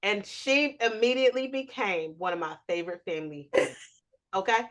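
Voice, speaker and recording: A woman from New York co-hosting a podcast, telling an animated, explicit family story and acting out the quotes. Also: medium pitch, a little fast. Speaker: podcast co-host. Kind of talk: casual storytelling chat.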